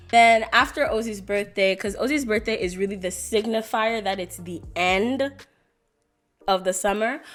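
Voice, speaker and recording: A young woman, telling stories in a casual vlog with lots of "like" fillers. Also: mid-range voice. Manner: chatty and animated, lots of "like" fillers. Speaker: vlogger.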